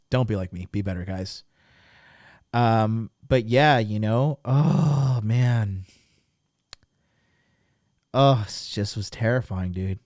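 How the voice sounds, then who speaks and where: Male stream host, mid-pitched, crude and animated storyteller, dry close sound. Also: no echo. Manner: crude, animated, swears freely. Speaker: livestream host. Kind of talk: casual storytelling to live chat. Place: lived abroad in Japan.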